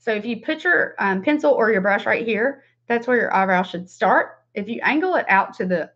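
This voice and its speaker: Her voice sits a little high, expressive and a bit bright at a moderate pace, as this Southern woman in her forties gives a casual makeup tutorial on livestream. The vlogger names viewers as she chats and laughs often, with dull lo-fi sound.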